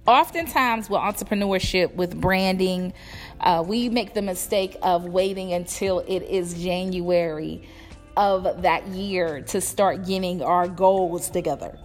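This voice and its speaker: A young woman entrepreneur giving a blunt, motivational talk to her viewers, cussing freely. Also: on the low side. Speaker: entrepreneur and vlogger. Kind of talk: casual motivational talk to camera. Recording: long echo with music behind.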